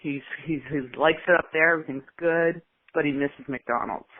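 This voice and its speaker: A woman's voice: sits low, fairly even intonation, moderate pace. A woman, a former client, retelling in amazement a reading she received. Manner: amazed, retelling with quoted speech. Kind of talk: recorded testimonial. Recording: tinny phone-like audio.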